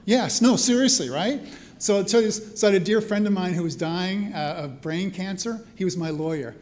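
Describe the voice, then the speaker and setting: A man's voice: high voice, a little fast, a little mellow. A man who is a priest and spiritual care teacher, telling stories to a live audience in a chatty way. He often checks in with the listeners as he talks. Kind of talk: storytelling talk to a live audience. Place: church hall event.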